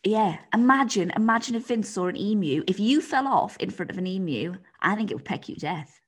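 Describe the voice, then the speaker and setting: A woman's voice: mid-range voice, expressive, a little fast. A woman hosting a podcast in casual chat, laid-back and teasing, laughing often and passing on listener messages. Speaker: podcast host.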